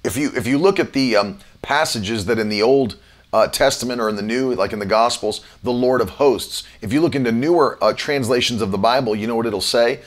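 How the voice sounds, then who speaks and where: A male preacher delivering an online sermon in an emphatic teaching voice. He slows right down on the phrases he wants to land and spells key words out letter by letter. His pitch sits in an ordinary middle range for a man.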